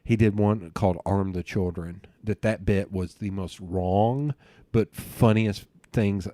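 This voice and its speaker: A man hosting a casual podcast interview. He rambles excitedly from one tangent to the next. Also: lowish voice, slow pace, no echo. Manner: rambling, excitable storyteller who jumps between tangents. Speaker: podcast host.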